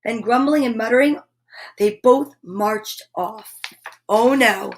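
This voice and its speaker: A woman reading a picture book aloud to children, expressive, with exclaimed asides. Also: a little high, takes it slowly. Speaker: children's storyteller.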